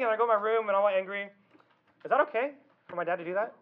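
High-voiced youth pastor, chatty sermon. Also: male voice, lively intonation, quick pace, highs cut off. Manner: conversational, asks the audience questions.

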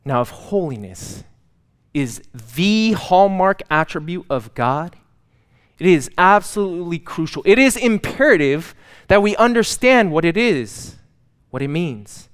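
Preaching man with a smooth voice. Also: high voice, big pitch swings, measured pace. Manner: conversational preaching with dramatic emphasis on repeated words; self-deprecating humor. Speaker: pastor. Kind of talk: sermon.

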